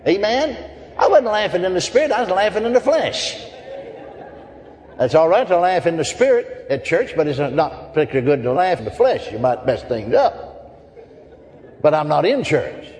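A man's voice: high-pitched, sing-song, normal speed, pauses often, darkish tone, slight background noise. A man preaching a sermon, telling folksy stories, chuckling often and asking the crowd for amens. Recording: long hall reverb.

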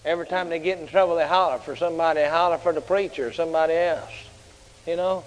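A man preaching a fiery sermon, shouting at times and telling stories in a colloquial way. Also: fairly high pitch, fast talker. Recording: large hall with long reverb.

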